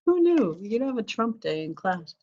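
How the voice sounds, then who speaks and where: A woman's voice: fairly high pitch, sing-song, moderate pace, mellow. Chatty woman teaching an online class. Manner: chatty, laughs at herself, sneezes and coughs. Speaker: college teacher. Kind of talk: casual online class lecture. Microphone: video call. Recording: slightly dull video call audio.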